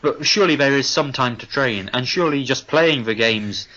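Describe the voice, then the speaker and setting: A man co-hosting a comedy football podcast, playing a deadpan, overly polite and formal phone-in presenter. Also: mid-range voice, moderate pace, highs cut off. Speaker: podcast co-host.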